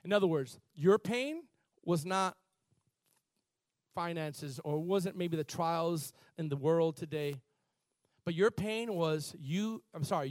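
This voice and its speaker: A man preaching a sermon as pastor, building from quiet, halting passages to loud, impassioned peaks. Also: on the high side, no room sound, studio quality.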